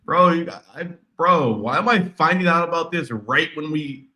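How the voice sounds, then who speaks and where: A man in loose sports talk, slangy and animated. He jumps into higher voices whenever he imitates people. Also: normal speed. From California. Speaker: podcast co-host. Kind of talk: casual sports chat.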